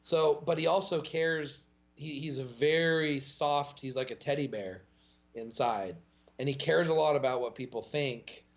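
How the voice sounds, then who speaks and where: A man guesting on a podcast, telling stories in an animated way and chuckling often. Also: a little high, unhurried, creaky, highs cut off. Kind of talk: casual podcast chat.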